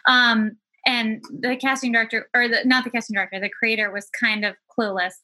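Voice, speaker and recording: Bright-voiced chatty woman. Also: a little high, fairly even intonation, brisk, no echo, poor audio. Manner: chatty, many fillers, light laughs. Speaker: actor and casting helper. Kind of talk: casual chat.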